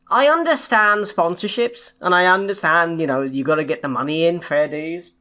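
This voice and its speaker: A woman's voice: on the low side, moderate pace, pushed and bright. A young woman co-hosting a casual podcast chat, ranting in exasperation and swearing often. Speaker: podcast co-host.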